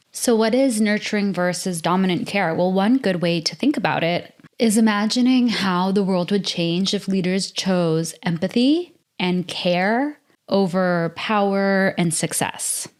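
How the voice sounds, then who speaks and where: A young American woman hosting a solo podcast, talking in an earnest, chatty way with lots of filler words. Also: mid-range voice. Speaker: podcast host. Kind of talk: casual solo podcast talk.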